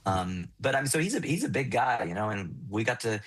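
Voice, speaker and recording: An American man, a musician, talking in a casual podcast chat, animated, swearing freely and restarting often. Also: mid-range voice, a little fast. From United States. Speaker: guest musician.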